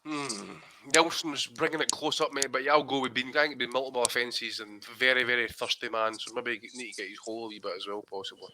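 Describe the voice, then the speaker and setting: A man's voice: medium pitch, steady tone, quick pace, few pauses, pushed and bright, a little hiss or hum, rough recording. A man in casual, jokey podcast banter, swearing freely. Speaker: podcast co-host.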